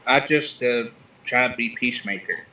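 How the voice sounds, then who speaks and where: A man's voice: medium pitch, normal speed, sharp tone, highs cut off. A man calling in to a talk show, shy and hesitant, stammering at times. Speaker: caller. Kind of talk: phone call-in chat.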